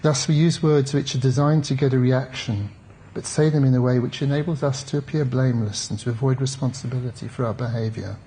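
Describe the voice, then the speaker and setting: A male therapist speaks to a conference audience at an ordinary pitch, reflective and conversational. He drops wry asides to the room as he goes. Faint background noise sits under the recording. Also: fairly quick, mellow. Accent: British English. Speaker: therapist giving a conference talk. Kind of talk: conference talk.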